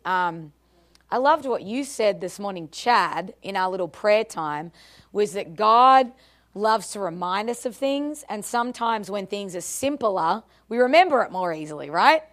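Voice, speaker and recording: A woman's voice: mid-range voice, lively intonation, a little slow, a bit bright. A woman with an Australian accent, speaking as a guest speaker at church in a bubbly, chatty way that often breaks into laughter. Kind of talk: church talk to a congregation.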